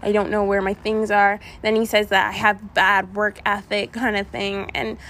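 A woman's voice: medium pitch, little pitch movement, normal speed, fairly bright tone. A young woman vlogger telling a rambling storytime to her viewers, with many asides and restarts. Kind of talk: casual storytime chat.

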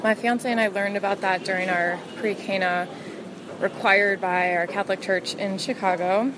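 A woman's voice: medium pitch, fairly even intonation, moderate pace, background noise. A woman calling in to a podcast with a friendly, chatty, upbeat message. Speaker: podcast listener caller. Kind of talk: recorded voice message.

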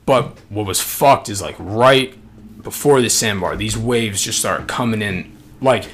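A young man telling a story in casual chat, slangy and profane, full of fillers and animated. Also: on the low side, unhurried.

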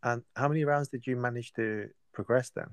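A man's voice: mid-range voice, steady tone, a little fast, clear, resonant tone, no room sound. A man hosting a casual podcast chat, recapping points and asking questions. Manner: asks questions and recaps for listeners. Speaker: podcast host.

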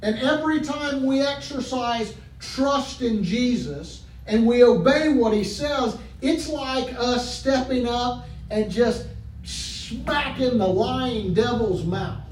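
A man preaching a sermon as pastor, trading calls and responses with his congregation and building up to shouts. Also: very high voice, slow pace, far from the mic. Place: church sanctuary. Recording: echoey hall, mic from afar, faint noise.

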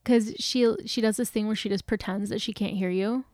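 A woman in her thirties co-hosting a podcast, chatting in an animated way. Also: medium pitch, fairly quick, no room sound, studio quality. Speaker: podcast co-host. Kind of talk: casual chat.

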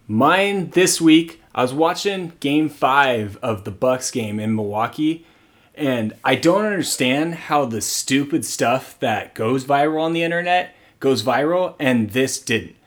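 Young man telling a sports story. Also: medium pitch. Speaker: podcast co-host. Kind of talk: casual sports chat.

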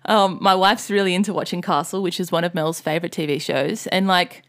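A woman, co-hosting a casual podcast, tells a story loosely, swears freely and now and then shouts in imitation of angry fans. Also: on the low side, steady tone, brisk. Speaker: podcast co-host. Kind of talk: casual chat.

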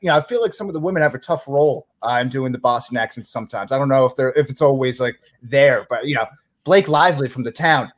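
A man's voice: medium pitch, fast talker. A man co-hosting a podcast, easygoing and a bit hesitant, with lots of "uh" and "you know" in casual chat. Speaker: podcast co-host.

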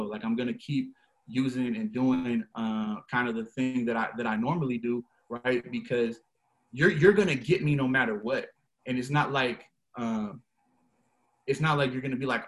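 A young man, a guest on a podcast, talking in a relaxed, slangy and emphatic way. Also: medium pitch, normal speed. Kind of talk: casual conversation.

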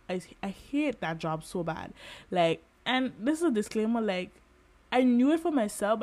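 A young woman in her twenties hosting a podcast, talking candidly in a personal monologue, with lots of fillers and animated emphasis. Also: mid-range voice. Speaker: podcast host.

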